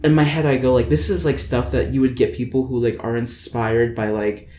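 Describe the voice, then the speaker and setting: A man's voice: mid-range voice, steady tone, brisk, dark tone, slight background noise. A man in his twenties hosting a podcast, chatting casually and rambling with lots of "like" fillers. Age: 20s. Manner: rambling, many "like" fillers, theatrical. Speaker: podcast host. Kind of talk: casual chat. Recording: roomy echo.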